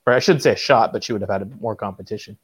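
A man co-hosting a podcast in casual chat, speaking with a somewhat low pitch. He is hesitant and often stops to correct himself. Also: fast talker, husky. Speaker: podcast co-host.

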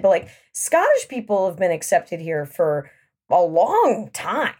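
A woman's voice: lowish voice, sing-song, a little slow, a little mellow. Woman guest rambling on a podcast, lots of likes, voice bouncing all over. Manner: chatty, hedging with many likes. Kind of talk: casual chat.

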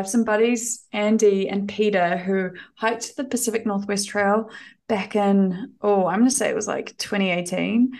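A woman's voice: medium pitch, darkish tone. A woman guest on a podcast, telling stories casually, enthusiastic and chatty with lots of ums and restarts. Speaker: podcast guest, thru-hiker. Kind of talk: casual conversational storytelling.

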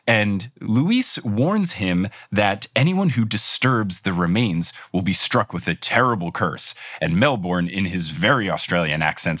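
A man's voice: lowish voice, dry recording, clean studio sound. A man hosting a podcast game, recapping a cartoon mystery in a playful, joking way. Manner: animated, jokey, laughs at own lines. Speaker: podcast host.

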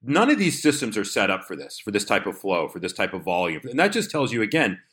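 A male trader co-hosting a podcast, speaking very quickly. He tells market stories in an animated, casual way. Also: lowish voice. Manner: fast, animated storytelling with quoted asides.

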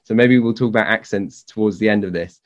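Easygoing Southern English host, low voice. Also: male voice, quick pace, muffled recording. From Southern England. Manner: relaxed, easygoing, fillers and restarts. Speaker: podcast host. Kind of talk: casual conversation.

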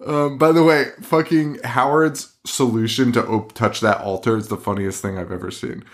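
A man's voice: mid-range voice, fairly even intonation, normal speed. A young man co-hosting a podcast, recapping a film in a loose, profane, laughing way. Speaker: podcast co-host. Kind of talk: casual chat.

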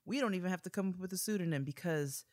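A young woman co-hosting a podcast in casual chat, animated and playful as she reads listener letters aloud and comments on them. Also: fairly low pitch, quick pace, noisy background. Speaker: podcast co-host.

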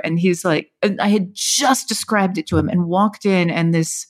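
Low-voiced woman, chatty podcast guest. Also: moderate pace. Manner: chatty, many fillers and restarts. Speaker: author guest. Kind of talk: casual podcast interview.

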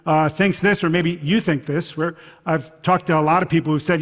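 A pastor preaching a sermon in a conversational, animated storytelling manner, with halting restarts. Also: male voice, fairly high pitch. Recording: long hall reverb.

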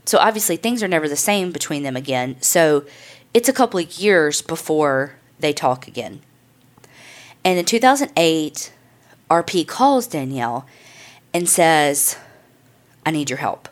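A woman's voice: low-pitched, sing-song, unhurried. A woman hosting a podcast, telling a true crime story in a casual, chatty way, loose and profane with lots of "like" and "I mean". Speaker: podcast host.

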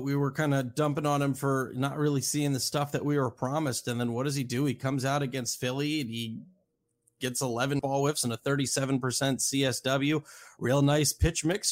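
A man hosting a casual podcast, lively and animated, acting out both sides of imagined conversations. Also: medium pitch. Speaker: podcast host. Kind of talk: casual podcast chat about pitching stats.

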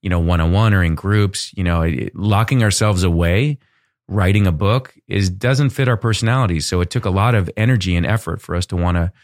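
A man's voice: deep voice, brisk, no echo, studio quality. A man co-hosting a conversation, speaking in an easygoing, encouraging way with plenty of casual fillers. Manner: encouraging, easygoing, lots of "like" and "you know". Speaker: podcast co-host.

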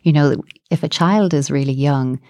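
Low-voiced woman explaining calmly. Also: moderate pace, dry recording. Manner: calm, explanatory, acts out example dialogue. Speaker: psychotherapist guest. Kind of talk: podcast interview, explaining advice.

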